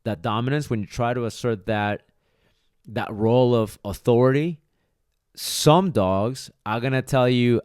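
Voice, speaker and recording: A man's voice: medium pitch, unhurried, a little mellow, clear, resonant tone, dry recording, clean studio sound. A man who trains dogs, hosting a podcast monologue and speaking bluntly and emphatically, with casual swearing. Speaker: dog trainer, podcast host.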